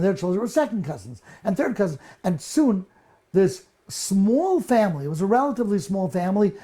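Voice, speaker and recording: Mellow-voiced man retelling a story casually. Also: sits high. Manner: casual, talks to listeners directly, frequent restarts. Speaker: rabbi. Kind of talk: storytelling lesson.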